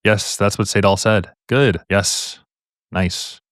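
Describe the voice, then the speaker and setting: A man's voice: on the low side, fairly even intonation, slow pace, a bit bright, dry recording, clean studio sound. A man tutoring on medical exam questions in a live stream, explaining in a casual, upbeat way with repetitions and slangy asides.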